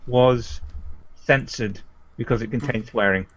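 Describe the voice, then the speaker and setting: A man from England co-hosting a podcast, making dry, deadpan quips in casual chat. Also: mid-range voice, a little slow, dull audio. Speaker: podcast co-host.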